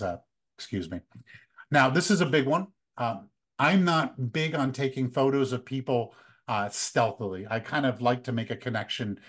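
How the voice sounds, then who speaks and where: An American man in his fifties, a photography workshop leader, giving relaxed, conversational travel tips with many fillers. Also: medium pitch. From United States. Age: 50s. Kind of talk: casual talk, practical travel tips.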